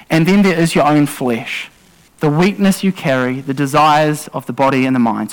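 Speaking to a church congregation, a man with a voice on the high side preaches conversationally, adding asides and correcting himself. The recording quality is low.

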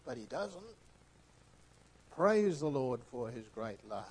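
Slow, emphatic male preacher. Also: medium pitch, sing-song, husky, poor audio. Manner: slow, emphatic delivery that swings between hushed and loud. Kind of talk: sermon.

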